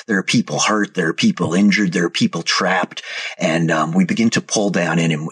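A man narrating a tabletop game as game master, telling the scene slowly and descriptively. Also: low-pitched, a bit bright, husky. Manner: slow, descriptive storytelling.

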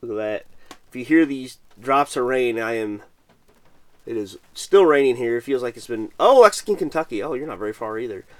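A man's voice: mid-range voice, animated, brisk, no echo. A middle-aged man from Missouri, hosting a casual late-night livestream and chatting while reading viewer comments aloud. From Missouri, USA. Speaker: podcast host.

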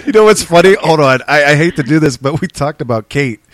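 A man co-hosting a podcast, teasing and animated in casual chat. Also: on the high side, quick pace, no room sound. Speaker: podcast co-host.

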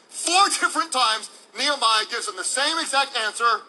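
A man's voice: very high-pitched, moderate pace, pushed and bright, poor audio. A male pastor delivering a sermon in an emphatic, playful way, acting out examples for the congregation. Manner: emphatic, playful preacher who acts out examples.

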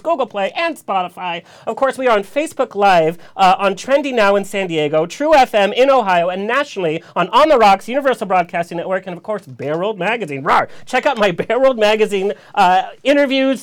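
A man hosting a radio talk show, campy and sassy, firing off quips and laughing often. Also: high voice. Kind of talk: campy comedic radio chat.

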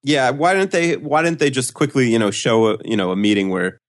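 A man's voice: medium pitch, animated, fairly quick. A man co-hosting a casual podcast chat, adding dry, wry remarks with "uh" and "you know" fillers. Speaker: podcast co-host.

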